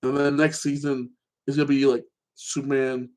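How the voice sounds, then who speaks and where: A man rambles through a casual, unscripted chat about shows he loves. He gets excitable and keeps tacking "like that" onto his thoughts. His voice sits at an ordinary middle pitch. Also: moderate pace. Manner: animated, excitable. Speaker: show host.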